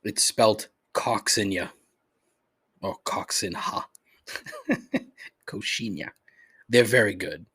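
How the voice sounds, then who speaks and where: Profane, ranting husky-voiced man. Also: on the low side, takes it slowly, long pauses, fairly bright tone. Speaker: podcast host. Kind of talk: solo comedic complaint podcast.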